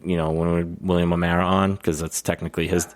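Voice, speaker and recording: Man, very low voice, casual podcast chat, swearing, storytelling. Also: little pitch movement, fast. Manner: profane storytelling, laughs often. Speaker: podcast co-host.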